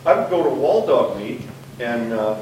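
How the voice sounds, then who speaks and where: A man's voice: mid-range voice, big pitch swings, moderate pace, recorded from a distance, noisy background. A man from Minnesota, a sign painter on a forum panel, who tells rambling stories and laughs as he talks. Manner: chatty, laughs through his stories. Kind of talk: rambling storytelling and advice. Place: college forum room. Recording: echoey hall, mic from afar.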